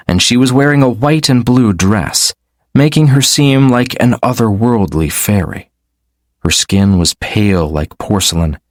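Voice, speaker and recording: A man with a low voice reads a fantasy novel audiobook as scripted narration, keeping a steady, measured storytelling pace. The studio sound is clean with no room sound.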